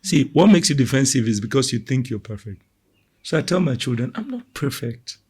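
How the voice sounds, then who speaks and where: A middle-aged man with a slightly husky, breathy voice chats easily about raising his children. He talks in a relaxed, conversational way and slips into lively acted-out quotes. His pitch sits in an ordinary middle range. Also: a little fast. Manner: animated, acts out quoted voices loudly. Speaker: parenting podcast co-host. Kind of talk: casual conversational talk.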